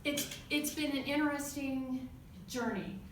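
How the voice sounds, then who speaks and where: A woman from the United States giving a storytelling speech at a club meeting, acting out a quarrel with sudden loud outbursts. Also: high voice, fairly even intonation, unhurried, slight background noise. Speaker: club speaker. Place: meeting room. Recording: echoey room from far off.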